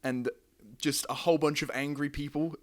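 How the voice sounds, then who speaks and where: A man's voice: fairly high pitch, fairly even intonation, moderate pace. A man hosting a podcast, telling a story in a rambling, repetitive way with frequent laughs. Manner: rambling, repeats words, laughs often. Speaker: podcast host. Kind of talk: casual storytelling chat.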